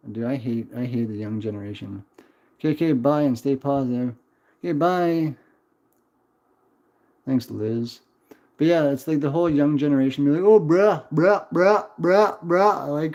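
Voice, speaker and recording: A man's voice: a little high, mellow. A man in his twenties chatting on a casual livestream, rambling, swearing and answering chat. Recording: dull lo-fi stream audio.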